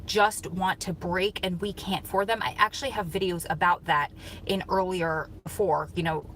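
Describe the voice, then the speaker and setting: A woman's voice: lowish voice, fairly even intonation, normal speed, fairly bright tone, slight background noise, poor audio. A woman in her thirties hosting a live chat and reading viewer comments, talking in an earnest, heartfelt way. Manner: earnest, heartfelt, talks through tears at times. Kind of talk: emotional casual live chat.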